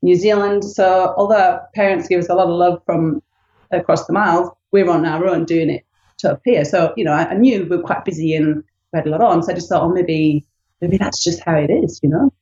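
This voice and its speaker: A British woman in her late thirties talks candidly as an interview guest, in a chatty storytelling way. Her voice is low-pitched and mellow. The recording is echoey and slightly dull. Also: brisk. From United Kingdom. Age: late 30s. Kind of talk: casual interview chat.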